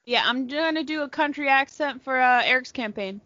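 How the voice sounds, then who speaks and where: Brief: young woman, high bright voice, playful, lo-fi audio. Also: normal speed, dry recording. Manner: playful, giggly. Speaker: podcast co-host. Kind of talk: casual chat. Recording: dull lo-fi podcast audio, dry.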